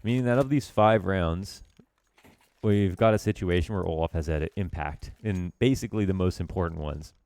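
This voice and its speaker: Low gravelly guy doing a chill game review, dark mellow tone, rambly and self-deprecating. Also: moderate pace, dry recording. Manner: loose, chatty, self-deprecating with filler words. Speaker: esports coach reviewing a match demo. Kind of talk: casual game analysis commentary.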